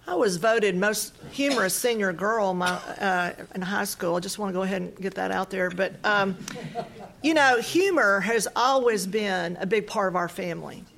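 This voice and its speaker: A woman's voice: mid-range voice, normal speed, creaky, fairly bright tone. A woman co-hosting a casual Bible study conversation, chatty and self-deprecating, laughing easily. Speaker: co-host of a Bible study talk.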